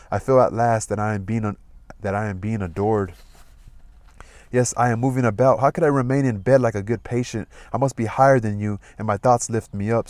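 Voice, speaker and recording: A man reading a novel aloud in a measured, expressive way. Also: fairly low pitch, no echo. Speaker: audiobook reader.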